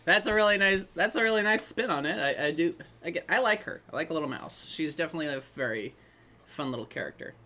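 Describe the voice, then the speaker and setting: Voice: medium pitch, lively intonation, fast, pushed and bright. A host talking through a film in a casual commentary, rambling and chatty, with many side remarks. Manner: rambling, chatty, trailing off into asides.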